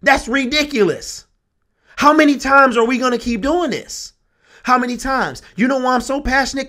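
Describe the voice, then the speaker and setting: A young man with a high voice delivers an exasperated sports rant. He talks with passion and repeats himself often, sounding thoroughly fed up. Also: pushed and bright. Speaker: sports vlogger. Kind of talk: ranting sports commentary.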